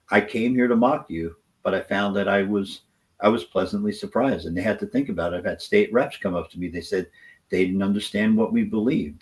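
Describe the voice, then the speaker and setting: Male activist guest with a lowish voice, passionate, rambling delivery, political talk show. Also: rough recording.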